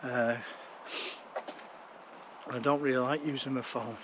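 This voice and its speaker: A man's voice: mid-range voice, fairly even intonation, measured pace, muffled recording, very noisy. Tired rambling man filming on a walk. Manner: chatty, rambling, blunt. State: tired from walking. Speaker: hiking vlogger. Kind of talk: casual talk to camera while walking. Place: outdoors on a walking route. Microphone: action camera held while walking.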